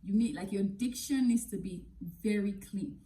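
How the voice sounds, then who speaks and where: Nigerian-born woman teacher vlogging, warm mellow voice, blunt straight-talking tips. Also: medium pitch, normal speed, low-quality recording. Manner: frank, direct, blunt advice with casual asides. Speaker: English teacher and vlogger giving advice. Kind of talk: casual advice to camera.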